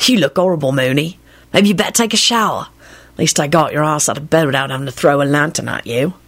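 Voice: medium pitch, fast talker, a bit bright. A reader voicing a brash, cocky young male wizard ghost who swears and teases in an audiobook. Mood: cocky teasing. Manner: swearing, breezy, mocking.

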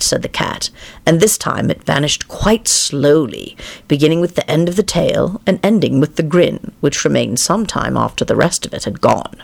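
Gravelly father reading a bedtime story. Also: fairly high pitch, very animated, moderate pace.

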